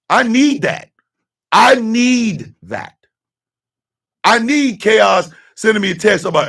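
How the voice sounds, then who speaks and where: A man's voice: sits high, sing-song, slow, long pauses, fairly bright tone, slightly rough, distant mic. A middle-aged man hosting a radio talk show, giving a blunt, profane personal monologue and repeating his key lines for emphasis.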